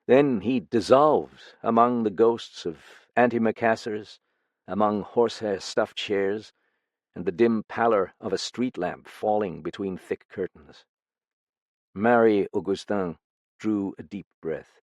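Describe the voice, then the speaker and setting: A man narrating an audiobook and voicing a detective in an expressive, lively reading. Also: lowish voice, measured pace, no echo, studio quality. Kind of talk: scripted narration.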